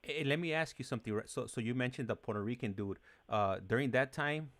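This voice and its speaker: A man's voice: mid-range voice, fast, a bit bright. Male host, hesitant interviewer, picked up a little far from the mic. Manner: hesitant, repeats words. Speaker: host taking the call. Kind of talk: interview questions.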